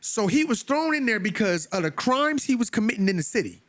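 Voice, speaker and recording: A man's voice: sing-song, fairly quick, fairly bright tone, no room sound. A man leading a Bible study, reading scripture and commenting on it in an emphatic, preacherly way, with casual asides to his listeners. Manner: emphatic, preacherly, pitch climbing on stressed words.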